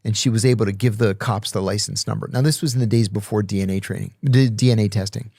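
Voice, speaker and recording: A man's voice: lowish voice, quick pace, vocal fry, no echo. A middle-aged man, a podcast guest, telling stories in casual conversation and acting out the dialogue. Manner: animated storyteller, acts out dialogue. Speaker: podcast guest, former intelligence officer. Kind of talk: casual storytelling.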